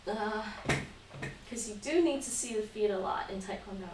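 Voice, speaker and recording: A woman runs a home taekwondo lesson over a live stream, counting reps aloud and patiently restating her instructions. She has a mid-range voice and speaks at a normal speed. The audio comes from a distant mic in an echoey room, with faint noise underneath.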